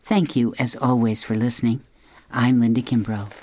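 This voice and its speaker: On her radio program, a bass-voiced woman narrates a children's novel from a script. She tells it expressively and at a measured pace, adding hushed, dramatic asides, and the recording has no room sound.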